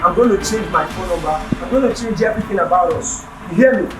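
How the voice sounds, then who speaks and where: A man's voice: high-pitched, quick pace, over music, natural voice. A man playing a cold, scornful husband. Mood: contemptuous. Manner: harsh, dismissive, raised voice. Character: cold husband walking out on his wife. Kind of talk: film drama acting. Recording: echoey room, voice from a distance.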